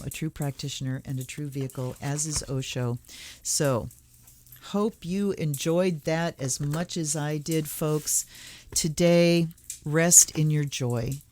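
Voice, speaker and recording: Her voice deep and dark, a tarot channel host reads book excerpts and thinks aloud in a casual, reflective way. She eases the pace whenever she gives blessings.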